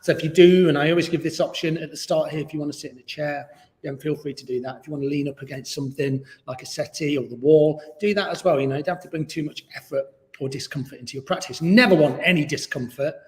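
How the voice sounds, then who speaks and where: A man leading a gentle beginner yoga class in a relaxed, chatty, encouraging way. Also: on the high side, quick pace. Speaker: yoga teacher. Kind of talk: gentle guided yoga instruction. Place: yoga studio, indoors. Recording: very echoey, reverberant room.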